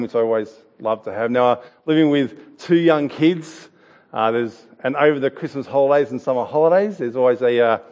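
A man in his thirties giving a sermon, telling a family story in a chatty, halting way with restarts and the odd laugh. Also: medium pitch, darkish tone, big-room sound. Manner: laughs now and then while telling a story. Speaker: pastor.

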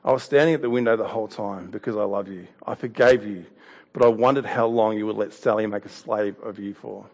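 A gentle grandmother, as a preacher reads her lines. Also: on the low side, brisk, in a large hall. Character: kind grandmother, gentle and knowing.

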